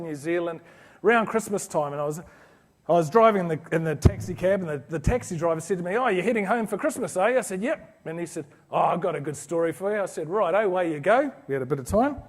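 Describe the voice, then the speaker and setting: A man's voice: on the high side, darkish tone. A man giving a motivational business talk to a live audience, telling a story in an earnest, anecdotal way with frequent restarts. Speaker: business speaker presenting to an orthodontics audience.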